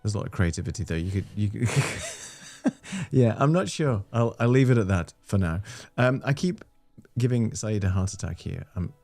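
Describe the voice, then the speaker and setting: A man's voice: on the low side, expressive, normal speed, vocal fry, darkish tone. A man hosting a casual live stream chat, easygoing and chatty with frequent fillers. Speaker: host.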